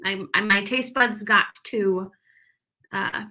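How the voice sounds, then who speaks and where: A woman's voice: mid-range voice, fairly even intonation, takes it slowly, pushed and bright. A woman hosting a writing livestream, chatting casually and a little out of breath, with lots of laughs and "like". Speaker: livestream host of writing sprints. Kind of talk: casual chat reading live comments.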